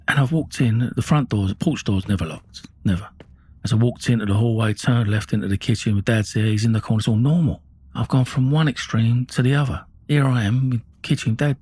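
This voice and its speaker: A husky middle-aged man with a fairly low voice recounts his own true-crime story. He talks bluntly and with intensity, swearing freely throughout. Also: darkish tone. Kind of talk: raw first-person true-crime storytelling.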